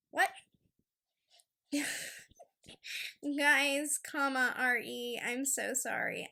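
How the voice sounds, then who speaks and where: A young woman hosting a casual solo podcast, chatty and animated as she rants about pet peeves. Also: sits high. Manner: chatty, animated, talks to her dog in a soft baby voice. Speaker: podcast host.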